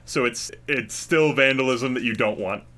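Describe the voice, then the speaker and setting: A man's voice: mid-range voice, moderate pace, bright, forceful tone. A man narrating a tabletop game as game master in a casual, hesitant way with many fillers.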